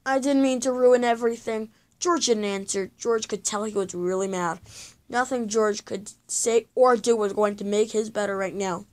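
A woman's voice: mid-range voice, fairly even intonation, normal speed. A woman reading a children's chapter book aloud, telling it with drama and sound effects.

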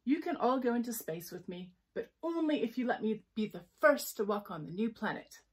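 Storybook grumpy male unicorn, loud and snappish, high husky voice, put on by a woman. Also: lively intonation, fairly quick. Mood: bossy. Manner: loud, snapping, self-important.

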